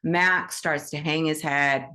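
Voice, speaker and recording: A woman hosting an animal Reiki session over a video call, telling stories in a gentle, enthusiastic way with many "right?" asides. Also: low-pitched, steady tone, takes it slowly. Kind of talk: casual teaching chat on a video call.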